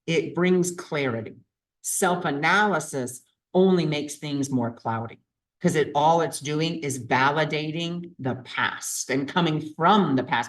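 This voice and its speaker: In a vlog, a man gives a reflective self-help talk, earnest and repetitive as he works through his feelings aloud. His voice is a little high, and the audio is poor.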